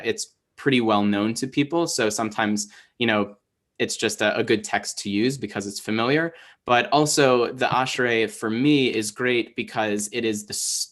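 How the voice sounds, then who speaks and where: A man's voice: fairly low pitch, fairly bright tone. A man teaching an online Hebrew class, explaining patiently with lots of fillers and restarts over a video call.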